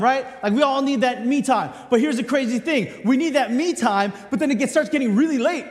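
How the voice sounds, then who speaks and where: A man's voice: very high-pitched, expressive, quick pace, hardly any pauses, in a large hall. A man delivering a sermon in a conversational way, speaking directly to his congregation. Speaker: pastor.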